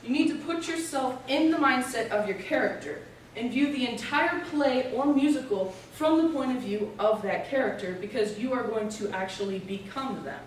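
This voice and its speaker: A young woman giving an informative speech as a student presenter, explaining steadily with the odd filler pause. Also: on the high side, a little hiss or hum. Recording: echoey room, voice from a distance.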